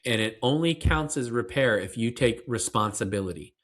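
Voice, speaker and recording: Here a man with a medium-pitched, fairly bright voice speaks at a moderate pace with lively intonation. Interviewed as a parenting expert, he explains in an earnest, conversational manner, using fillers and restarting sentences.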